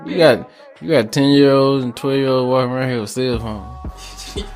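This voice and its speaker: A podcast co-host, a relaxed man with a mid-range voice, chats casually at a normal speed while soft music plays in the background.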